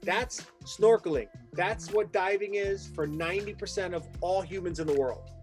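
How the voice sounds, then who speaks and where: A man hosting a casual talk show, retelling a story in a lively, excitable way and acting out what people said. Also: high-pitched, normal speed, faint music behind. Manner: excitable, vivid retelling with acted-out quotes. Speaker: podcast host. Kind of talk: animated storytelling in casual conversation.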